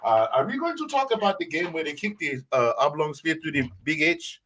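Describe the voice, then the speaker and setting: A man voicing a pompous, overly formal gentleman who talks in stiff, elaborate wording, pitched well above his own voice. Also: normal speed, a little hiss or hum, close to an everyday voice. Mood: mock-grand.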